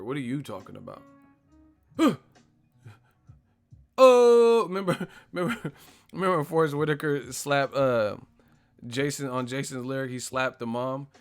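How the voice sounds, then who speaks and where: Hosting a laid-back live boxing stream, this man speaks with a medium pitch and a fairly bright tone. His storytelling is animated, full of slang and swearing, with frequent laughter and reenacted movie lines.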